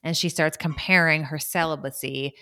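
A woman co-hosting a casual podcast, recapping a reality show with lively storytelling and quick asides. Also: low voice, clean tone, no room sound, clean studio sound. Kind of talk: casual chat.

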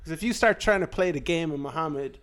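A man's voice: fairly high pitch, fast, fairly bright tone. A young man co-hosting a casual comedy podcast, joking, laughing often and acting out bits in put-on voices. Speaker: podcast co-host.

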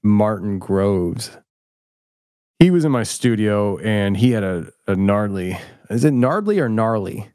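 Casual guest spot: middle-aged man, low voice, rambling, self-mocking, dry close sound. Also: sing-song, a little slow, warm tone, no echo. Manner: rambling and self-deprecating, many restarts. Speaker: podcast host, guest filmmaker. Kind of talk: casual interview chat.

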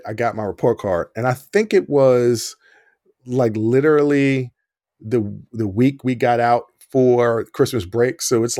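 A man's voice: medium pitch, no room sound, clean studio sound. A man hosting a podcast, telling a personal story and acting out the voices in it. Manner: animated storyteller, acts out quoted dialogue. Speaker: podcast host.

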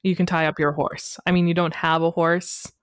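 A woman from western Canada co-hosting a podcast in casual chat, playful and quick with jokey asides. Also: on the low side, level tone, no echo, studio quality. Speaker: podcast co-host.

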